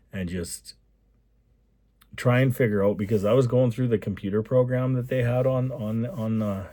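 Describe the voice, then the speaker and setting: A man from Alberta, Canada, talks through a casual vlog in a low, rambling voice, full of repeated enthusiastic asides. His voice is recorded close and dry, with no room sound. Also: mellow, no echo. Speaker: construction company owner.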